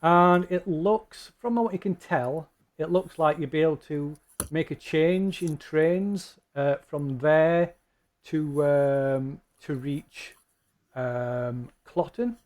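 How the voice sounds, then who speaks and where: A man running a tabletop game as game master, narrating with many pauses, ums and restarts. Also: fairly high pitch, a little mellow.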